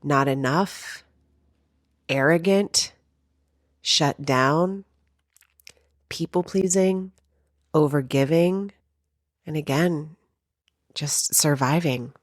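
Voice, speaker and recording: A podcast host with a low-pitched voice tells her own story in a candid, unfiltered way, swearing freely. The recording is dry and close, with no room sound. She is a woman speaking from raw personal experience. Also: extremely slow, pauses often, no room sound. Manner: candid, profane, emotionally raw.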